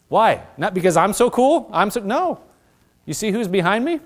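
In a high-pitched voice and at a slightly fast clip, a preacher urges his congregation to repeat after him. The sermon is lively and conversational, full of asides and call-and-response.

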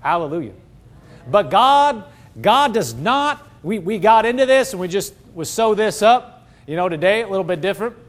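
A man preaching a sermon, swinging from loud, excited exclaiming to low, hushed tones. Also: moderate pace.

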